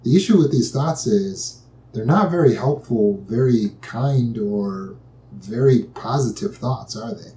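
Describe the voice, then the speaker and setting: A man calmly and patiently teaching a step-by-step method for overcoming anxiety, repeating key phrases as he explains. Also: mid-range voice, a little slow. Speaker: anxiety and trauma recovery teacher. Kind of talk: instructional talk. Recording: echoey room.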